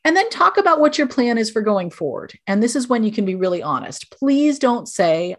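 A woman's voice: on the high side, sing-song, a little fast, hardly any pauses. A middle-aged woman, a guest on a podcast, gives parenting advice in an earnest, direct, explanatory way.

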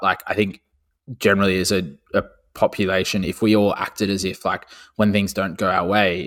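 Low-voiced podcast man, casual and swearing. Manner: swears freely, animated and laughing. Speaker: podcast co-host. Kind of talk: casual chat.

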